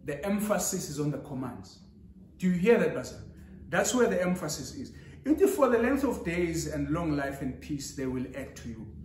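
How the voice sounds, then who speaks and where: A man's voice: on the high side, sing-song, normal speed, darkish tone, a little hiss or hum. A man preaching a sermon with rising emphasis, switching into Zulu now and then. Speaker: pastor. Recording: echoey church hall.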